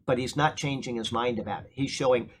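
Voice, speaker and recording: A middle-aged pastor teaches a Bible class in a church, talking fast in a mid-range, steady voice. He is emphatic and keeps checking in with the room, often asking "okay?" There is slight background noise.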